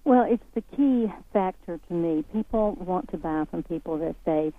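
A woman's voice: lowish voice, expressive, moderate pace. Southern woman on a tinny phone line. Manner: folksy, earnest, encouraging. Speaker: guest speaker. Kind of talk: motivational interview talk.

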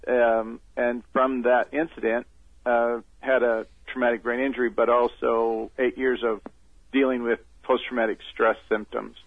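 A man's voice: medium pitch, level tone, measured pace, no echo. A man being interviewed as a phone-in guest, hesitant with many ums as he explains things step by step. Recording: phone line.

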